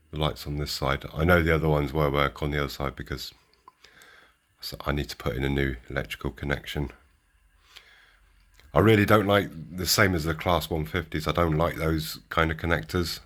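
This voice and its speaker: This model railway channel host from the United Kingdom has a very deep voice with a fairly bright tone. He chats and rambles while unboxing and showing model trains, often restarting his sentences.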